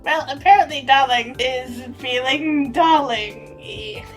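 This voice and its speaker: A young woman with a high voice chats slowly and drowsily in a casual home vlog. She is sleep-deprived yet playful, breaking into sudden dramatic outbursts. A little music sits faintly behind her. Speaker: vlog co-host.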